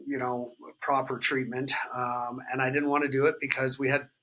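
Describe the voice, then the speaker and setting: A man's voice: mid-range voice, little pitch movement, moderate pace, bright, forceful tone, a little hiss or hum, poor audio. A man, candidly telling his recovery story in an interview, swearing freely and filling with "like" and "um". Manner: raw, unfiltered, swears freely, many fillers like "like" and "um".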